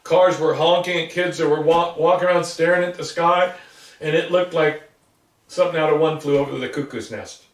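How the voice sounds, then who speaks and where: A man in his sixties with a fairly high voice for a man, recalling old memories as a rambling storyteller who slips into the voices of the people he quotes. He sits back from the microphone, and his voice rings through a roomy space. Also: fairly even intonation, fairly quick. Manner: rambling storyteller who acts out what others said. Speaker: interviewee. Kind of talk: casual recollection. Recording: roomy sound from a distance.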